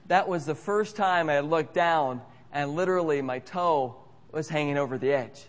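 A man telling a humorous, self-mocking story as a preacher, in an animated way. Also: on the high side, a little slow. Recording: echoey hall.

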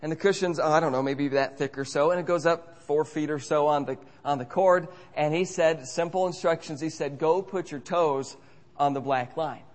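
A man telling a humorous, self-mocking story as a preacher, in an animated way. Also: on the high side, a little fast, few pauses. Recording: echoey hall.

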